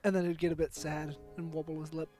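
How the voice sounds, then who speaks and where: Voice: mid-range voice, flat delivery, quick pace, warm tone, soft background music. A person in casual banter, joining in the jokes with a dry delivery.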